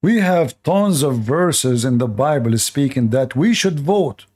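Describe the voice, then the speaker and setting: A man's voice: medium pitch, expressive, unhurried, darkish tone. A man giving indignant, preachy reaction commentary in non-native English, asking his audience rhetorical questions. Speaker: online religious commentator.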